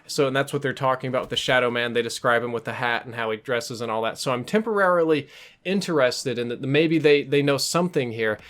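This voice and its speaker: A man vlogging, telling a story in a casual, amused and animated way. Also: mid-range voice, fast. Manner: animated, amused, self-mocking.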